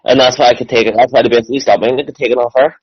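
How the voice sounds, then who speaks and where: A man's voice: medium pitch, fairly even intonation, very fast, slightly rough, no room sound. A man, a podcast guest, telling stories in easy, sweary casual chat. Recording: dry, slightly muffled lo-fi.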